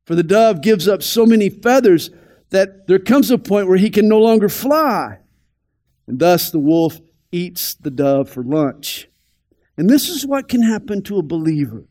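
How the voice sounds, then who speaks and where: A man with a notably high voice teaches scripture on the radio. He is deliberate and emphatic, and he drops into soft, quiet asides. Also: lively intonation. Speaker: pastor.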